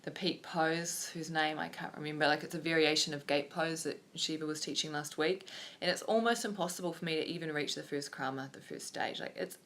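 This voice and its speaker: A woman's voice: sits low, fairly even intonation, brisk, fairly bright tone. A woman, a yoga teacher talking openly and reflectively in a personal vlog, wandering with many fillers.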